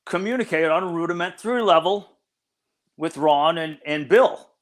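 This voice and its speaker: An older man answers interview questions in an earnest, explanatory way with a somewhat academic tone. His voice sits a bit higher than most men's and comes through remote call audio. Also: normal speed. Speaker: guest expert.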